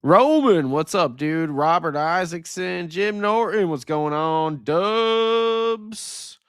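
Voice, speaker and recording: A man's voice: on the high side, lively intonation, slow pace, a bit bright, no echo, studio quality. A man co-hosting a late-night live sports podcast, joking around and greeting chat viewers by name. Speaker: podcast co-host.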